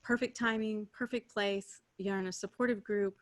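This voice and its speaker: A woman co-hosting a spiritual group call, speaking in a soft, affirming way with many fillers. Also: mid-range voice, fairly even intonation, normal speed. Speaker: co-host.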